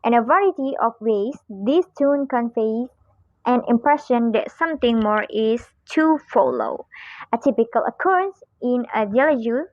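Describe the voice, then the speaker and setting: A woman's voice: a little high, lively intonation, no echo, highs cut off. Young woman reading a phonetics lesson aloud. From Indonesia. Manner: careful, halting reading with small slips. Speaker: student presenter.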